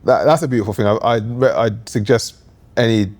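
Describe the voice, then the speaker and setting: A man's voice: on the low side, normal speed. A young man chatting casually as a podcast co-host, rambling through stories with lots of fillers. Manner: relaxed, rambling, filler-heavy storytelling. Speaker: podcast co-host, new father. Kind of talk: casual chat.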